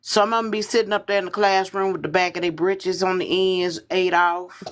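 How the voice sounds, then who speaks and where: A woman's voice: lowish voice, little pitch movement, brisk. A woman in casual talk, folksy and emphatic, calling others baby and girl. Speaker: panelist, older auntie figure. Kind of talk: casual chat.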